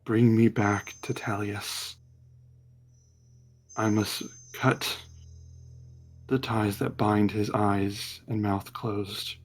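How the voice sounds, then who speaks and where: A man voicing an ancient sentient sword that speaks in a cold, hushed, commanding whisper. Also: lowish voice, flat delivery, very slow, pauses often, voice pushed down.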